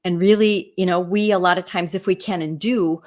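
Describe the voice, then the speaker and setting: A woman's voice: lowish voice, fairly even intonation, moderate pace, darkish tone. A middle-aged woman from the Midwest US, a real estate agent, teaching in a casual, chatty way and telling stories with frequent "right?" and "you know" asides.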